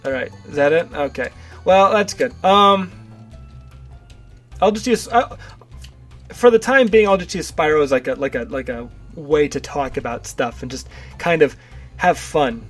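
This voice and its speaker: A man's voice: on the high side, a little slow, pauses often, faint music behind. A young man casually rambling and stammering through self-deprecating commentary while playing a video game. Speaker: gaming video host.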